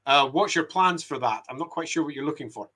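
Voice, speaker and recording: A middle-aged Scottish man talks through his work in a relaxed, self-deprecating way, answering viewers as he goes. His voice is bright and sits a little high for a man, and he laughs easily at his own expense. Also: a little fast. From Scotland. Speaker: game writer and streamer. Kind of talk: casual talk while mapping, reading viewer comments.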